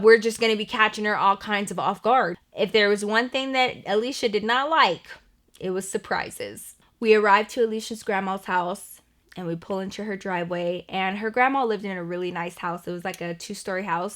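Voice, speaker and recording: A young woman vlogger telling a personal story in a chatty, animated way, full of "like" fillers. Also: medium pitch. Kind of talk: storytime vlog narration.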